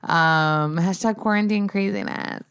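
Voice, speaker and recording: Low-voiced woman hosting a chatty podcast. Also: a little slow, fairly bright tone, clean tone, no room sound. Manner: chatty and swears freely, heavy use of "like". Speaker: podcast host. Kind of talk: casual chat.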